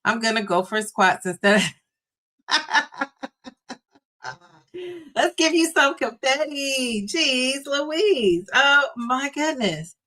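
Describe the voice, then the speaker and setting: Woman, middle-aged, bright voice, casual livestream host, laughs often, reads viewer comments. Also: high voice, animated, slow, long pauses. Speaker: livestream host reading chat. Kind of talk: casual live chat.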